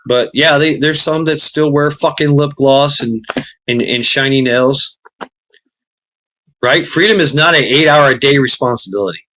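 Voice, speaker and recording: A man's voice: medium pitch, moderate pace, a bit bright. A man hosting a live stream, ranting casually at his chat, blunt and profane, laughing often and reading out viewer names. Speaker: livestream host. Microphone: computer mic on a live stream.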